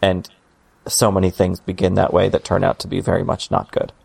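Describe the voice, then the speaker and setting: A man co-hosts a podcast in relaxed, casual chat. His voice sits somewhat low, and he talks in a measured, thoughtful way. He hesitates now and then and slips in dry humor. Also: vocal fry, breathy edge. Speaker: podcast co-host.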